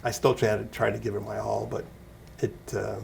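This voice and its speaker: A man with a low, heavily gravelly voice, answering interview questions in a loose, rambling way. He often laughs at himself, and his pitch stays fairly flat. A faint hiss sits under the recording. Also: brisk. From Canada. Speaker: interview guest, actor and musician. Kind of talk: casual interview.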